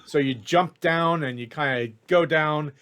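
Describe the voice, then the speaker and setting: A man runs a tabletop game as game master. His narration is relaxed and descriptive, in a slightly higher voice. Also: unhurried, clean tone.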